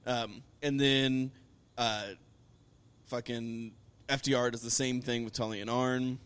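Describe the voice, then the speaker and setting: A middle-aged man talking through a wrestling recap in a loose, profane way. He swears freely and gets animated as he tells it. His pitch sits in an ordinary middle range for a man. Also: unhurried, clean tone. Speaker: podcast co-host. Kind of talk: casual wrestling recap chat.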